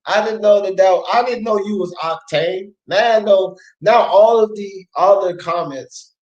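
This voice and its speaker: A man's voice: sits high, a little mellow, dull audio. A male sports talk host on a live boxing stream, reading viewers' chat comments aloud in a loose, slangy way and laughing often.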